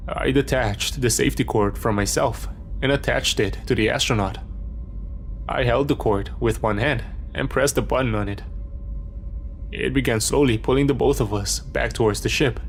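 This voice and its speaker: A man reading a horror story in a steady, measured scripted narration. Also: mid-range voice, creaky, slight background noise.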